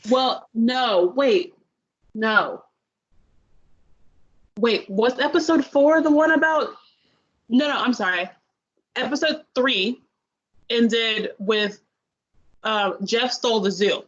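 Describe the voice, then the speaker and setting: A young woman co-hosting a podcast tells a long, rambling story about binge-watching a show during a casual review chat. Her voice is fairly high and breathy-edged, slow-paced with frequent pauses. The sound is dull and lo-fi.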